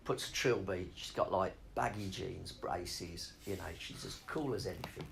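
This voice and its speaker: A man's voice: deep voice, normal speed, vocal fry, background noise. A middle-aged man rambling off on tangents in a casual interview, swearing freely as he talks about spoken word.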